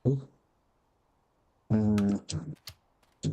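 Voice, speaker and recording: Young male streamer with a very dark, mellow tone, casual and laid-back, switching into a high coo for his cat. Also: slow, slightly rough, poor audio. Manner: baby-talks to his cat in a high sing-song voice; relaxed, mutters to himself while gaming. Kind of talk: casual livestream chat.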